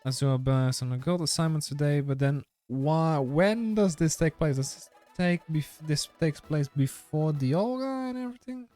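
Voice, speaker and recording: A man's voice: on the high side, normal speed, few pauses, warm tone, faint music behind. A man streaming a game live, chatting casually with his viewers in a rambling way, full of fillers and restarts. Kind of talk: casual live-stream chat while gaming.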